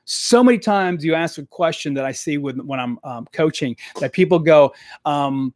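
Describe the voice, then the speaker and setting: A man coaching salespeople in a live stream, talking straight into a desk microphone in a direct, energetic way and repeating his key points. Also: fairly high pitch, normal speed.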